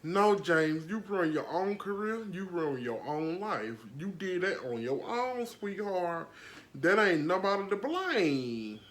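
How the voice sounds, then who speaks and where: A woman's voice: on the low side, big pitch swings, slow pace. Sassy gossip-podcast woman. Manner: sassy, slangy, laughs often. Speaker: podcast host. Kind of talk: casual celebrity gossip chat.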